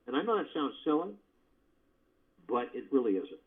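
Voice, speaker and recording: A man hosts a meditation call, offering spiritual teaching in a folksy, conversational style packed with rhetorical questions. His medium-pitched voice is very animated at a normal speed. He is on a phone, and the conference call line sounds dull and lo-fi.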